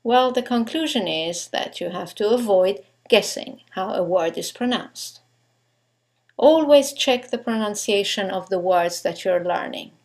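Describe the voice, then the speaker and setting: Giving a scripted English pronunciation lesson, this woman teacher speaks slowly and deliberately, carefully stressing every example word. Her voice is medium in pitch, a little mellow, with lively intonation.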